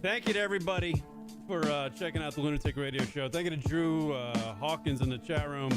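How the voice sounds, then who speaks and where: A man hosting a casual talk show, reacting in an animated, swearing, exasperated way. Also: fairly high pitch, fairly quick, loud music behind the voice. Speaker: podcast host. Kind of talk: casual chat.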